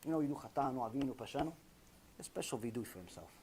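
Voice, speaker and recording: A man's voice: mid-range voice, animated, rapid-fire, darkish tone, slight background noise. A man giving a Torah lecture as a rabbi, emphatic, repeating key phrases and firing rhetorical questions.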